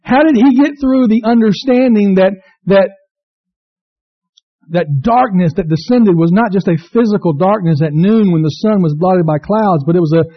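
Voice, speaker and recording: Male pastor, high voice, impassioned sermon delivery, muffled dry recording. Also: normal speed, no room sound. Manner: impassioned preaching, rising to cries; reads scripture aloud to the congregation.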